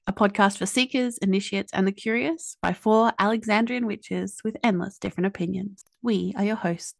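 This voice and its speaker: A woman with an Australian accent hosting a podcast, chatty and quick to joke at her own expense. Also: medium pitch, fairly even intonation, gravelly, no echo. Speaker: podcast host. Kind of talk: casual podcast chat and scripted intro.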